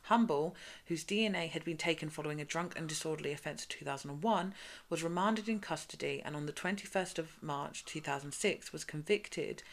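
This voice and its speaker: A woman hosting a podcast, reading crime case notes in a brisk, matter-of-fact way between casual chat. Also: sits low. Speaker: podcast host.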